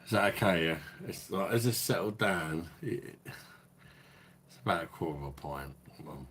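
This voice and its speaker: A man's voice: low voice, lively intonation, unhurried, fairly bright tone, husky. A man hosting a casual live stream, tipsy from drinking, rambling and swearing as he chats. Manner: swearing, rambling banter with chat. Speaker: beer review livestream host.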